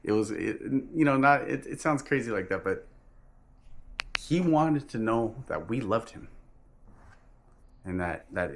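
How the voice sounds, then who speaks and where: A man telling a personal religious testimony in an earnest, halting way, often restarting and correcting himself. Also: mid-range voice, animated. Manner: earnest and emphatic.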